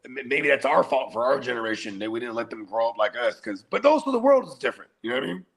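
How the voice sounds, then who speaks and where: A man's voice: mid-range voice, very animated, fast, vocal fry, a bit bright. A middle-aged man, a podcast host, telling stories in loose, profane casual chat. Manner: profane, laid-back storytelling.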